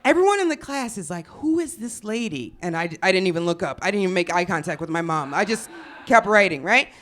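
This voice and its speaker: A young woman from Chicago telling a funny story on stage, profane and animated, acting out the people she quotes. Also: fairly low pitch, brisk. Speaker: storyteller comedian. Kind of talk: live comedic storytelling.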